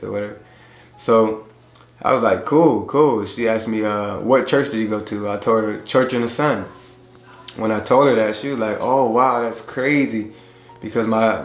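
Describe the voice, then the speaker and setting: A man telling how he met his wife in a laid-back, halting way, acting out the conversations as he goes. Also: fairly low pitch. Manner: laid-back, halting retelling that acts out dialogue. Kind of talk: casual storytelling. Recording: roomy echo with faint music.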